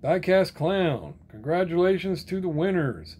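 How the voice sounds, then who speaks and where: A man's voice: on the high side, very animated, measured pace, darkish tone, slight background noise. A man chatting casually as he reads out viewer comments, rambling and answering each with friendly sign-offs. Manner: laid-back, rambling, reads comment names then answers; repeats friendly sign-offs like "right on, brother". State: sore arm and shoulder. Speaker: diecast collector reading viewer comments. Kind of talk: casual chat.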